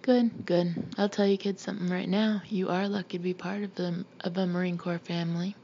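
A woman voicing a gruff, domineering middle-aged Marine officer father who barks questions at his children. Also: lowish voice, fairly even intonation, brisk, warm tone, muffled recording, slight background noise, lightly acted. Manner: blustering, barking questions.

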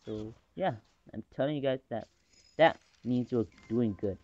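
A man casually commentating his own game match, rambling between calls and excitable in fights. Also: medium pitch, a little slow. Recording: dull lo-fi recording.

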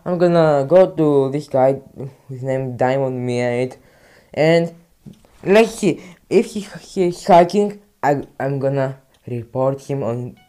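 A man's voice: a little high, darkish tone, clear, resonant tone. A young man with a Greek accent, commentating his own gameplay and swinging between frustrated mutters and outbursts. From Greece. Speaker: gaming YouTuber.

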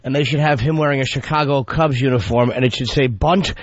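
A man's voice: mid-range voice, fairly even intonation, fairly quick, muffled recording, crowd noise. A man co-hosting a radio talk show, riffing sardonically on one joke after another. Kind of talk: casual radio banter.

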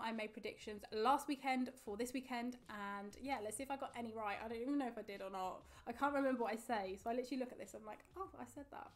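A young woman giving a chatty, excitable race review in a casual vlog monologue. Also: a little high. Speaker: motorsport vlogger.

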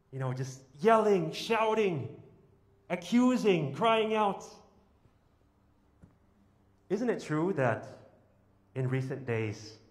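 Emphatic male priest in an echoey church. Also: on the high side. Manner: emphatic, with rhetorical questions and lists. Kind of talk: homily.

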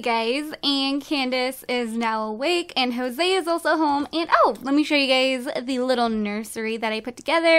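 A woman's voice: sits high, a bit bright, clean tone. A woman casually commenting as she plays a life-sim game, bubbly and giggly as she gushes over how cute things are. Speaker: let's play host.

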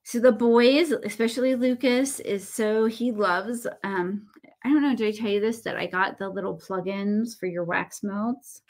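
A woman's voice: mid-range voice, measured pace, darkish tone. A woman in her thirties with a Southern American accent, hosting a casual craft livestream and rambling through stories with lots of fillers and self-deprecating asides.

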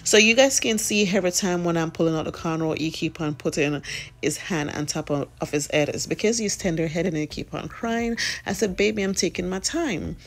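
A Jamaican woman chatting casually in a vlog while doing her children's hair, rambling and tending to speed up. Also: low-pitched. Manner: chatty, rambling, tends to talk fast.

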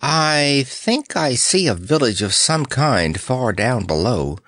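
Man voicing a jolly circus clown, chuckling, brisk, lively pitch, storybook. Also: no echo, clean studio sound, full character voice. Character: jolly male circus clown, kind and practical.

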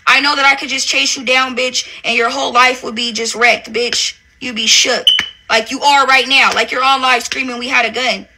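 This woman speaks at a normal pace in a high, sharp voice that barely moves in pitch. A reality TV star ranting on a livestream, she confronts someone who wronged her with a stream of insults and keeps repeating "bitch."

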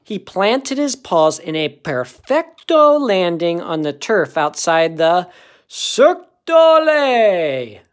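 A man reading a children's picture book aloud, narrating in an expressive, unhurried way. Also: on the high side. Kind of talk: storybook read-aloud.

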